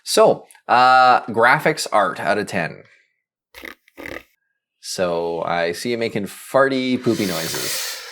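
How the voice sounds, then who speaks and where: A man co-hosting a casual podcast, easygoing and quick to laugh as he asks for ratings. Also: lowish voice, animated, a bit bright. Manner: easygoing, laughs often, leads the segments. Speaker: podcast co-host asking for ratings. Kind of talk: casual chat.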